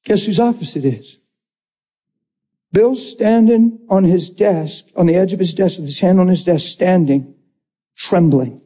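A man preaching a lively testimony, acting out the voices in his story and laughing often. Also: fairly high pitch, breathy edge, muffled recording. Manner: animated, acts out quotes, laughs often. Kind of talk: sermon storytelling.

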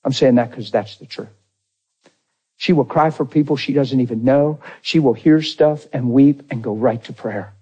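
A man preaching a personal testimony, acting out the dialogue, swinging from near shouts to hushed tones. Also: medium pitch, normal speed, husky, lo-fi sound. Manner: acts out dialogue in his story. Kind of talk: testimony sermon.

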